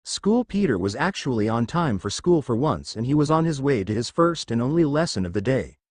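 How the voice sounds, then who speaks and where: A man reading fan fiction aloud as narrator, with expressive storytelling. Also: medium pitch, fairly quick, no room sound.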